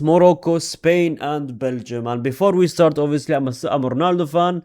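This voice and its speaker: A young man hosting a casual football predictions vlog, animated, repeatedly addressing his audience as ladies and gentlemen. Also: on the high side, fairly quick, hardly any pauses. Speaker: football vlogger.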